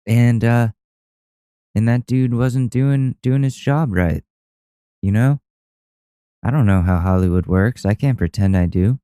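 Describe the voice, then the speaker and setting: A man's voice: medium pitch, a little slow, long pauses, warm tone, clean tone, no echo. A podcast host, a man, casually reacting to viral videos with loose, profane, laughing commentary.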